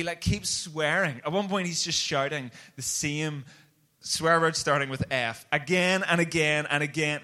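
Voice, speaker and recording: A man preaching a sermon, telling a story in an animated, conversational way. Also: mid-range voice.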